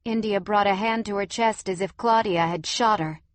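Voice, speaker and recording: Woman narrating an audiobook, steady and even, mid voice, dry. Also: medium pitch, moderate pace, no room sound. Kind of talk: scripted narration.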